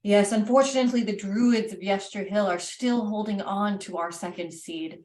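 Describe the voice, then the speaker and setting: A woman's voice: mid-range voice, moderate pace, a little mellow, lightly acted. A woman playing an earnest wereraven man. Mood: cautious. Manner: polite, formal and heartfelt. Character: earnest grateful male wereraven winemaker. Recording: roomy, distant mic.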